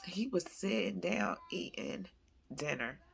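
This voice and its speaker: Woman, thirties, low gravelly voice, chatty vlog at home. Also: takes it slowly, a little hiss or hum. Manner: chatty, animated, addresses viewers as y'all. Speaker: vlogger, mother. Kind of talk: casual faith-based vlog chat. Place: at home, indoors.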